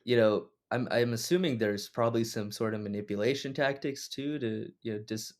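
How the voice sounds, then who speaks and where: A man's voice: mid-range voice, brisk. A man hosting a podcast, asking questions in a friendly, casual way with hesitant restarts. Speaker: podcast host. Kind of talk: casual interview.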